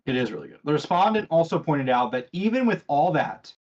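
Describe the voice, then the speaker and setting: A podcast host with a slightly high, sing-song, brisk and somewhat mellow voice leads a casual gaming show over dull audio. He reads news items aloud and quizzes his co-hosts, chatty and with a sarcastic streak.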